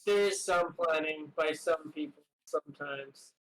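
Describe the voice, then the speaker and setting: A man's voice: on the high side, steady tone, a little slow, over a noisy crowd, rough recording. A man running a casual tabletop game as game master, easygoing and joking with his players.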